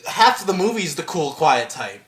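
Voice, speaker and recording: A young man co-hosting a casual movie podcast, animated and swearing freely, often mimicking film characters. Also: fairly high pitch, moderate pace, roomy sound. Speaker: podcast co-host. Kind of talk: casual chat about movies.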